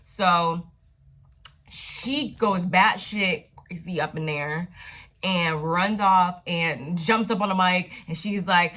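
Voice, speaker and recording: Woman, lowish voice, casual chatty recap, slangy and profane, animated storytelling. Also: slow. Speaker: TV recap vlogger.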